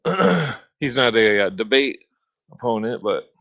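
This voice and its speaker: A man hosting a podcast in a rambling, profane solo rant, heavy on filler words and throat-clearing. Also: mid-range voice, big pitch swings, a little slow, a bit bright. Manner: mocking sneer when imitating opponents. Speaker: podcast host.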